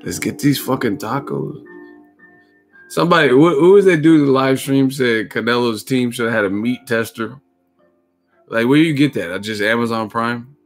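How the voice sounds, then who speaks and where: Over soft background music, a man of medium pitch speaks at a moderate pace. He hosts a boxing livestream on YouTube, talking casually, joking, swearing freely and laughing a lot.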